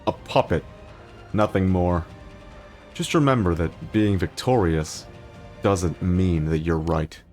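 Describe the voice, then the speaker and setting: A man voicing a cold, scornful male traitor from a video game, speaking in a low, measured, contemptuous way. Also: a little mellow, soft background music.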